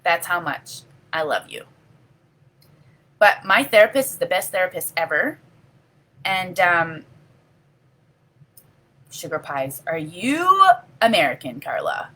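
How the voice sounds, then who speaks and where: A woman's voice: lowish voice, very animated, slow, long pauses, pushed and bright. A middle-aged woman hosting a casual live video, talking earnestly and rambling while answering viewer comments. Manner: earnest, heartfelt, rambling with frequent you know. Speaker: livestream host.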